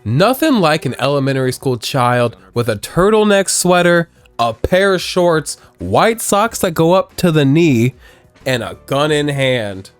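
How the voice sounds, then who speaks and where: A man's voice: fairly high pitch, very animated, a little slow, clean tone, no echo. Thirty-ish streamer guy rambling about his life, voice bouncing around, faint music under it. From Missouri, US. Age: 30s. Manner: rambling, joking, candid storytelling. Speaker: gaming streamer. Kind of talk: casual let's-play commentary.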